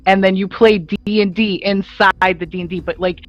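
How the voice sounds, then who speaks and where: A woman chatting as a player at a tabletop game, giggly and animated. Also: medium pitch, moderate pace, highs cut off, music in the background. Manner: giggly, animated when excited. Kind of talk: casual chat at a tabletop game.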